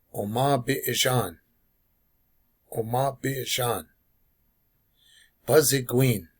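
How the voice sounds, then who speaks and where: A man's voice: lowish voice, breathy edge. A man teaching language phrases, call and response, who repeats each phrase for learners to say back. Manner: slow, drilling repetition of phrases.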